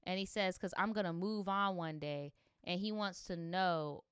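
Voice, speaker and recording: A young woman reads viewer stories on a livestream and breaks in with sassy, animated, profane reactions. Her voice sounds smooth and clear, and the sound is dry and close. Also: lowish voice, normal speed, no echo. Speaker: streamer reading viewer stories. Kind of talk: livestream story reading with commentary.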